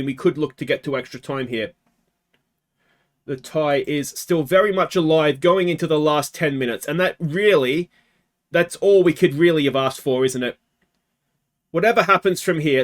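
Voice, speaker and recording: An Australian man hosting a let's play, talking casually through a game and swinging from quiet muttering to anguished shouts. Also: on the high side.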